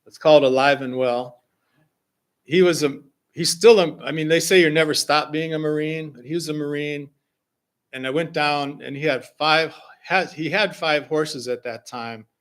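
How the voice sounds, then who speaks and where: A man leading a service, telling a personal story and introducing a song in a slow, gentle way with pauses. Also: on the high side. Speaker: singer-songwriter leading a service. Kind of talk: spoken reflection and song introduction. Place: fellowship hall.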